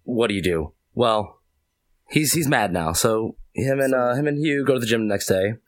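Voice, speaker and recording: Man for a comedy podcast, rambling storyteller, lively pitch. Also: normal speed. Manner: loose, rambling storyteller, lots of fillers. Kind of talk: comedic plot recap.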